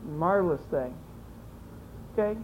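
A teacher leading a classroom discussion, briskly encouraging students and repeating their answers aloud. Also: medium pitch, animated, slight background noise. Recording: dull lo-fi classroom recording.

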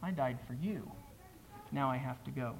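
A preacher voicing a grave, sorrowful Jesus. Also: male voice, mid-range voice, gravelly, pitched below the performer's own voice, lightly acted, low-quality recording. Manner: soft, grave and measured. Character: sorrowful, gentle male Jesus judging a soul. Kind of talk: dramatic poem recitation in a sermon.

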